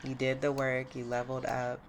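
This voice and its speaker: A woman's voice: a bass voice, monotone, fairly quick, slight background noise. A woman giving a spiritual tarot reading to her viewers, effusive, exclamatory and encouraging. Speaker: tarot reader. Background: music.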